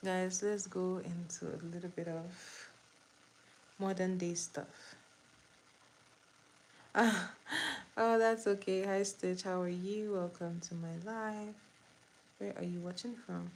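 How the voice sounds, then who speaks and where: Her voice sits on the low side, steady and a bit dark, as she hosts a relaxed livestream trivia game between makeup steps. She goes slowly, repeats the questions, greets viewers, and laughs easily. A faint hiss or hum runs through the rough recording.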